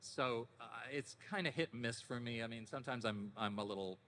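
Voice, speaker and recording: A man in his fifties, a voice actor guest at a panel, telling stories casually in a deepened, relaxed voice with frequent restarts. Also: a little fast, a little hiss or hum. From Canada. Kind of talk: casual anecdotal panel talk. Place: convention panel hall. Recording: echoey convention hall.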